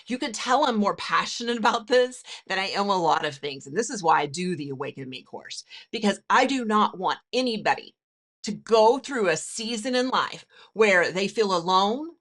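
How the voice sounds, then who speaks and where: An earnest woman counselor hosts a motivational self-help podcast. Her voice sits at a middling pitch but moves a lot, rising and falling as she talks straight to the listener. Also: lively intonation, normal speed, a bit bright. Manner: earnest, direct, addresses listener.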